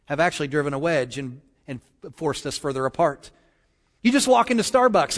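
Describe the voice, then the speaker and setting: A man preaching a sermon as pastor, praying and telling jokes in a lively storytelling manner. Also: sits high, in a large hall.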